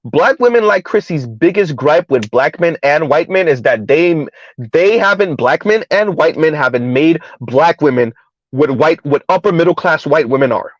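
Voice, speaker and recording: A man giving a heated, emphatic commentary rant on his vlog, repeating his points loudly. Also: on the high side, lively intonation, moderate pace, no echo, lo-fi sound. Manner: loud, emphatic, repeats points, laughs at times. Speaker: commentary vlogger.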